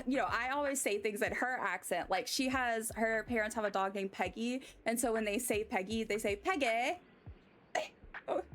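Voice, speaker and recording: A young American woman talks to her stream chat in a loose, rambling way, often laughing at herself as she reads comments. Her voice sits a little high. Quiet background music plays under her. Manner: chatty, rambling, self-mocking, reacts to chat. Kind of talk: casual live-stream chat reading comments. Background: faint background music.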